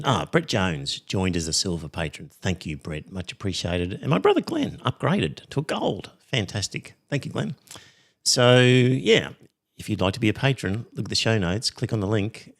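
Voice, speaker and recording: A middle-aged Australian man hosting a podcast in casual chat, rambling and reading listener messages with many pauses and ums. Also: sits low, vocal fry, a bit bright. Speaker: podcast host.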